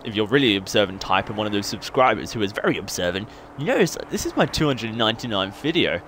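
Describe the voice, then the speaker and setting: A man's voice: mid-range voice, fairly bright tone, a little hiss or hum. A young man from Australia with an Australian accent partly worn down by life in the UK, giving casual, hyper and self-mocking gameplay commentary that rambles and laughs often. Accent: Australian, partly worn down by years in the UK. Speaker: gaming YouTuber.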